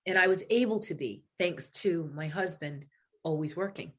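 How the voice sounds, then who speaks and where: A woman's voice: lowish voice, moderate pace, fairly bright tone. A woman being interviewed as a guest, talking candidly and openly and laughing easily. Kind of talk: casual interview chat.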